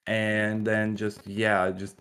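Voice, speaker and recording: A man's voice: fairly low pitch, flat delivery, slow pace, a bit bright, clean tone. A man co-hosting a casual MMA podcast, recounting fights animatedly and swearing. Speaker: podcast co-host.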